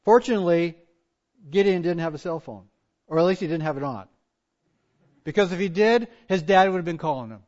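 A pastor preaching a sermon, swinging from hushed asides to loud emphatic points. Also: male voice, fairly high pitch, fairly quick, pauses often. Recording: dull lo-fi church recording.

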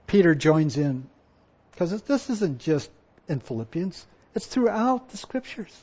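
A male pastor giving a sermon, moving from quiet personal reflection to loud, emphatic repetition. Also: fairly high pitch, big pitch swings, measured pace, husky. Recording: dull lo-fi sound.

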